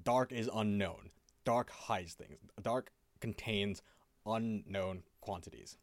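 A man in casual chat, adding measured, dramatic summarizing lines to a conversation. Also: fairly low pitch, no echo.

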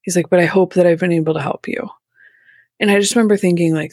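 A woman's voice: lowish voice, steady tone, fast, a little mellow, dry recording, clean studio sound. A woman telling her own painful story as an interview guest, candid and emotional, with a few nervous laughs. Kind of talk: personal story told in an interview.

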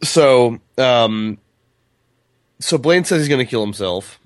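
A man's voice: mid-range voice, expressive, slow, no room sound, studio quality. A man co-hosting a casual podcast chat about a book, loose and profane, laughing often. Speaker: podcast co-host.

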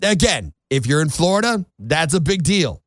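A fairly high-voiced man from New England, hosting a talk show in an exasperated rant. His pitch swings widely as he mocks and scolds, and the sound is close and dry. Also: sing-song, moderate pace, a bit bright, no echo. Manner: exasperated ranting, mocking quoted voices. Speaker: radio show host. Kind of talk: opinionated monologue. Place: Florida.

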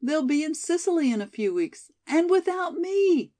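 A woman's voice: high-pitched, sing-song, moderate pace, dark tone, voice pushed up. A woman voicing a passionate, dreamy young college girl in a storybook reading, pleading and rapturous by turns. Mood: distraught.

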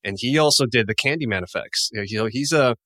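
A man co-hosting a casual podcast who explains film tricks in a relaxed way and laughs easily. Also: medium pitch, fast talker, dry recording. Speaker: podcast co-host. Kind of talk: casual chat.

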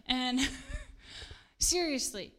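A woman's voice: high-pitched, animated, extremely slow. A middle-aged woman pastor, preaching a casual sermon in an earnest, chatty way and laughing at herself now and then.

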